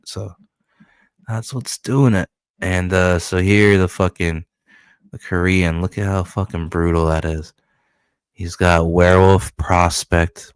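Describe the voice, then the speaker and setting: A man, a comic book creator, walking through his comic in profane, animated storytelling. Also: low voice, smooth, dry recording, clean studio sound. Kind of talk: casual comic-book walkthrough.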